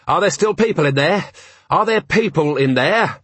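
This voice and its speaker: A man voicing a gruff, stubborn watch commander who talks forcefully. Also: on the high side, fairly quick, no room sound, pitched above the performer's own voice. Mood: urgent. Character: gruff middle-aged city watch commander, blunt and stubborn.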